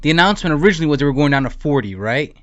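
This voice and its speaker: A man co-hosting a casual gaming podcast, excitable and quick, full of fillers. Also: fairly high pitch. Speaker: podcast co-host. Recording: dull lo-fi audio.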